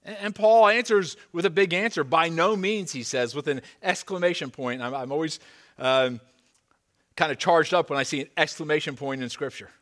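A man's voice: on the high side, normal speed, a bit bright. A man, a pastor, preaching a sermon in a church. He reads scripture with emphasis, then slips into casual asides with stammered restarts. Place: church sanctuary.

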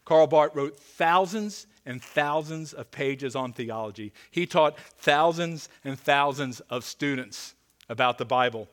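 A man preaching a sermon as pastor, earnest and pleading, dropping to a hushed voice for emphasis. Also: on the high side, a little slow.

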